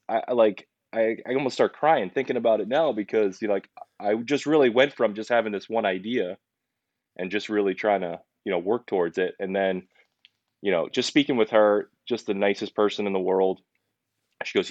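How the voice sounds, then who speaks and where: A young man with a deep, low voice tells his story as a podcast guest. He sounds earnest and animated, stumbling and restarting as he goes. The recording is dry, a little dull and lo-fi. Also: moderate pace, no echo. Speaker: podcast guest, pizzeria owner. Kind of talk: casual storytelling interview.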